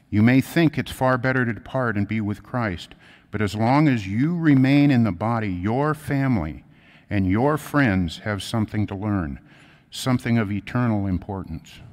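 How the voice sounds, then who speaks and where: A man giving a sermon, reading a story aloud and then telling his own, in an earnest, quiet and measured way. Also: fairly low pitch, big-room sound. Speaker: lay preacher. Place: church.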